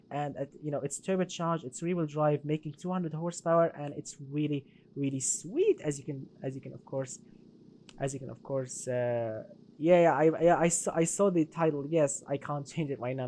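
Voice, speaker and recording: A man's voice: fairly high pitch, a little mellow, a little hiss or hum. A man casually commenting on a racing game during a live stream, answering viewer comments with frequent restarts.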